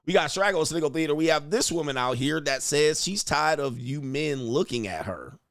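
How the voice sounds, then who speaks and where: A man hosting reaction commentary in a crude, mocking way. His pitch swings widely as he riffs, and the sound is close and dry, with no room at all. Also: moderate pace, dry recording. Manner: profane, mocking, animated. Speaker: host.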